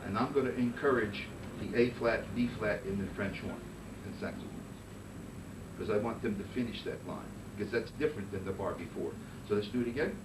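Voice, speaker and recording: A man teaching a conducting master class, giving brisk coaching commands and singing phrases in nonsense syllables. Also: mid-range voice. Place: rehearsal room with band. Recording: roomy distant recording with noise.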